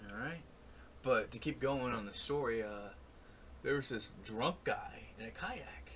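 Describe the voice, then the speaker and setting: A young man in casual podcast chat, telling stories and getting loud and laughing as they build. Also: medium pitch, a little slow, a little hiss or hum. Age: young adult. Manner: animated storyteller, gets loud and laughs while telling stories. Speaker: podcast co-host.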